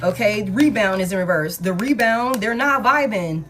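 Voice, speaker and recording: A woman's voice: medium pitch, normal speed, a bit bright, a little hiss or hum. Blunt, profane woman tarot reader. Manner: blunt, profane, emphatic repetition. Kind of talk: casual tarot reading monologue.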